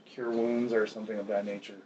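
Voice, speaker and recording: A man's voice: on the low side, level tone, a little fast, a little mellow. A man playing in a tabletop game, earnest and talking over the game master. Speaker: player. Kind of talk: casual chat at a tabletop game. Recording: muffled stream audio with faint noise.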